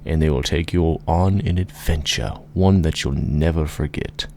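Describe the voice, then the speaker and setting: A man voicing a grand old male wizard who proclaims his words slowly. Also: rumbling low, darkish tone, slight background noise.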